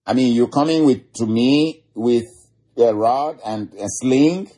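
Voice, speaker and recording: A scornful giant warrior sneering at a boy with a sling, as a preacher acts him out. The voice is husky, with a slow, mocking pull. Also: mid-range voice, mellow. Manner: mocking, disdainful.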